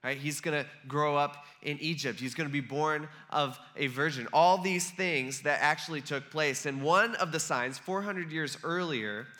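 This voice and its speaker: A man with a fairly high, bright and forceful voice gives a relaxed, chatty sermon. He talks to the room as if to friends and slips into the voices of the people he quotes. His delivery is loose and animated. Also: moderate pace, few pauses. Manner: conversational, acts out quoted voices. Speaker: preacher. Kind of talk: casual sermon.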